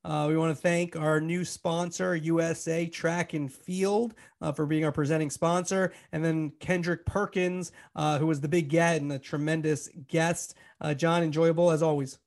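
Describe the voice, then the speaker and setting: A man with a New York accent co-hosting a sports media podcast, talking casually with many pauses and fillers. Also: fairly high pitch, little pitch movement, vocal fry, darkish tone. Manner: hesitant, lots of uh fillers. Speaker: podcast co-host.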